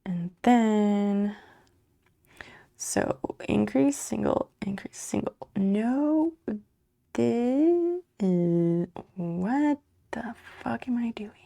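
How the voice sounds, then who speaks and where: Gravelly, mellow-voiced woman streamer. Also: medium pitch, lively intonation, very slow, pauses often. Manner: mutters and swears under breath while working; chats back to viewers' messages. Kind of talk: casual livestream chat while crocheting.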